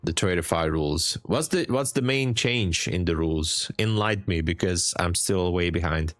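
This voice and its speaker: Man, Hungarian accent, low-pitched, joking and chatty, dry close mic, soft music underneath. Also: normal speed, hardly any pauses, no room sound. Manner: joking, chatty, laughs often. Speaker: livestream trader. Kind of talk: casual live-stream chat.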